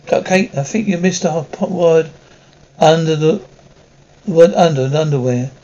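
An actor plays a wisecracking, overprotective father of teenage daughters in a sitcom, tossing off dry, exasperated jokes. His voice sits a little high for a man. The sound is dull and lo-fi, like audio taken from a television broadcast. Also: moderate pace, dark tone, lightly acted. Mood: awkward. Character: sarcastic, overprotective middle-aged dad of teenage girls. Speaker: sports writer father. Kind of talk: sitcom acting.

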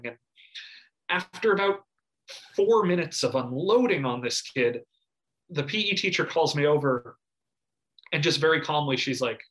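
Guy in his 30s, casual podcast chat, animated storyteller who yells out little impressions. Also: mid-range voice, normal speed. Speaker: podcast co-host.

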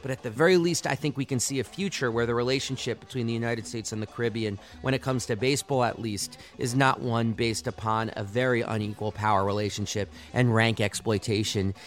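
A man's voice: mid-range voice, steady tone, fairly quick, hardly any pauses. A man hosting a sports podcast, delivering impassioned, argumentative solo commentary.

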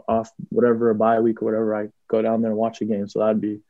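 Speaking fast in a lowish monotone, this young man, also a college football player, handles interview questions in a relaxed way, stumbling into ums and starting over often. There's no room sound, and the recording has a dull, lo-fi quality.

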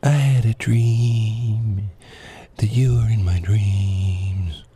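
A man doing an impression of a young female pop singer, speaking in a slow, breathy whisper. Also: fairly low pitch, fairly even intonation, dark tone, exaggerated voice. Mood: hushed.

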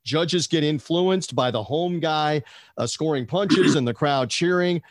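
Chatty man, slightly high, dry sound. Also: a little slow, no room sound. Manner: chatty, digressive, asks co-host questions. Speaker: podcast co-host. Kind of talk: casual boxing chat.

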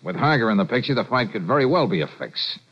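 A man's voice: mid-range voice, very animated, fast, husky. A man playing a wry, laid-back private detective in 1940s radio acting. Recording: dull lo-fi old radio recording.

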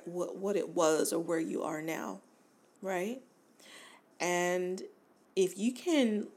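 A woman in her forties hosts a self-help podcast in a casual monologue. Her voice sits a little low and she takes her time, with an unhurried pace. She sounds earnest and encouraging, often restarting her sentences. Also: a little mellow. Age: 40s. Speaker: podcast host.

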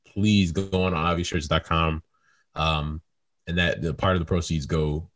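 Male podcast co-host, very low voice, loose easygoing banter. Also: steady tone, measured pace, fairly bright tone. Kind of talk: casual chat.

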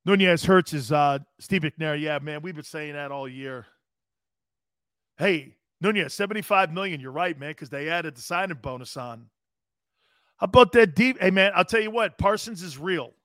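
At normal speed, a high-pitched sports talk host with a fairly bright tone swears freely and jabs at his viewers while answering them live, combative but playful. The audio is dry, with no echo or room sound.

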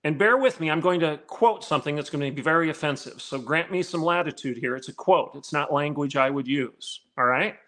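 A man's voice: on the high side, fairly quick, hardly any pauses, fairly bright tone. A man, a former college dean, telling a story in a podcast interview and building to pointed rhetorical questions.

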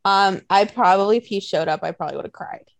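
A woman's voice: mid-range voice, fast, creaky, no room sound. A woman co-hosting a casual chat, telling stories with lots of swearing and acted-out quotes. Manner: animated storytelling, swears a lot, acts out quotes.

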